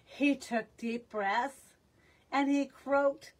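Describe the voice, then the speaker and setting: Woman, children's storytime reader, expressive, high voice, slow pace. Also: far from the mic. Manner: expressive, asks the listening children questions. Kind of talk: storytime read-aloud.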